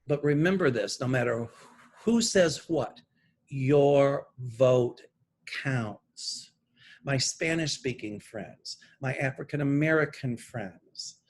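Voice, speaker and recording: Slow, husky-voiced man reading his notes. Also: mid-range voice. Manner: deliberate, pointed, emphatic political commentary. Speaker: psychic sharing channeled messages. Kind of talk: earnest monologue read from notes.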